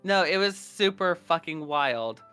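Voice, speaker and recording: A young man co-hosting a podcast, telling animated, profane stories in casual chat. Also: unhurried, clean tone, faint music behind. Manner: animated, swearing, acts out quoted people in a higher voice. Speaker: podcast co-host.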